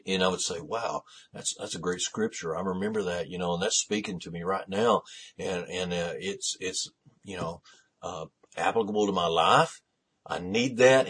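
A man's voice: fairly low pitch, husky. A middle-aged male pastor preaching a sermon, building intensity with pointed rhetorical questions.

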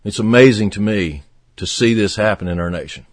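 A man preaching a fervent radio sermon, swinging from emphatic peaks to hushed, low passages. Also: a little fast, no echo.

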